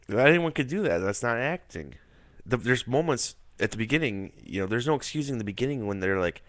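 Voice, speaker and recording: Man, low voice, casual profane rambling film review, dry recording. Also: lively intonation, fairly quick, fairly bright tone, no echo. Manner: rambling, profane, filler-heavy.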